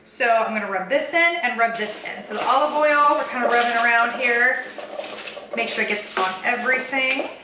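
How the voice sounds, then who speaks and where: A woman's voice: on the high side, moderate pace, noisy background. A young woman vlogging a casual cooking and food-tracking walkthrough in her home kitchen, talking loosely with lots of ums and kindas. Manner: chatty, many fillers like um and kinda. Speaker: fitness vlogger. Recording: echoey kitchen with faint ambience.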